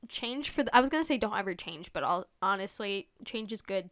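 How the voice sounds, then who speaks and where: A woman's voice: mid-range voice, normal speed, hardly any pauses, a bit bright. Chatty young woman podcast host. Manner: chatty, gushing, full of "like" fillers; playful, teasing sign-off. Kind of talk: casual solo podcast chat.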